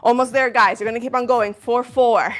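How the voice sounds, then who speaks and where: A woman's voice: fairly high pitch, fairly even intonation, brisk, fairly bright tone. A woman leading a live ballet fitness class, out of breath, upbeat and encouraging as she counts reps and cheers. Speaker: fitness instructor. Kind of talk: live workout instruction.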